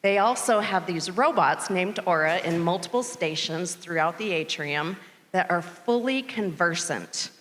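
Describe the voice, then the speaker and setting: Middle-aged woman opening a conference from the stage, low voice, long reverb of a large hall. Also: unhurried, a little hiss or hum. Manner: storytelling, animated when quoting the robot. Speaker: board chair giving conference welcome. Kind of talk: conference speech.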